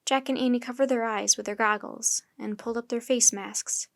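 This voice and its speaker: Woman storyteller, children's chapter book, steady clear narration, higher voice, dry close sound. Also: normal speed, no room sound.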